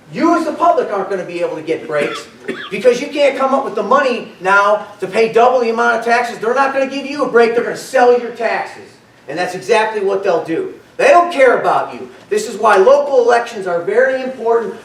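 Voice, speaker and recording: A man giving an impassioned, confrontational public comment to a county board, stumbling over and repeating his words as he presses his point. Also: high voice. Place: county board meeting room. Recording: echoey meeting hall from far off.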